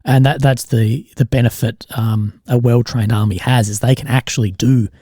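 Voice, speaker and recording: Brief: Aussie male host, mid-pitched mellow tone, easygoing and profane, dry close mic. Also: fairly even intonation, no echo. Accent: Australian. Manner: chatty, swears, quick to laugh. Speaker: podcast host. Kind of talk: casual conversational interview.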